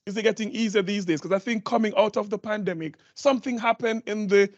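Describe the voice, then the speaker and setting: A man's voice: sits high, quick pace, no echo, dull audio. A man moderating a conference panel, reflective and asking follow-up questions. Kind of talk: panel discussion.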